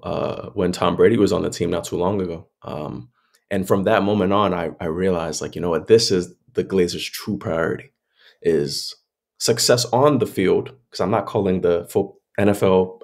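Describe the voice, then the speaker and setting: A man's voice: deep voice, creaky, a little mellow. A man co-hosting a sports podcast, giving a frustrated, opinionated fan's rant in a casual chat. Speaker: podcast co-host.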